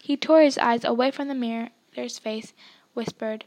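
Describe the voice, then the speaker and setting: Woman narrator, high voice, expressive audiobook-style storytelling. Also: a little slow. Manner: expressive storytelling, voicing dialogue. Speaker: reader. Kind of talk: reading a novel aloud.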